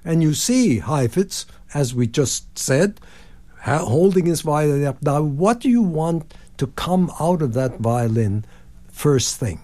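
During a radio interview, an elderly composer in his 90s relates lively anecdotes, singing phrases and dramatizing the words of others. His pitch is fairly high and he speaks slowly.

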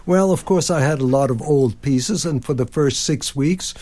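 A man's voice: a little high, moderate pace. A man in his nineties, a composer, telling anecdotes in a radio interview and acting out the people he quotes. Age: 90s. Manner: animated anecdotes, sings phrases and acts out quotes. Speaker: composer guest. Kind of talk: storytelling interview.

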